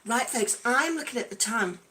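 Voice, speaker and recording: Bubbly higher-voiced woman chatting on a livestream. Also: expressive, normal speed, sharp tone. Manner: bubbly, chatty, calls out viewers by name; playful, breaks into song. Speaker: livestream host. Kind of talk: casual livestream chat.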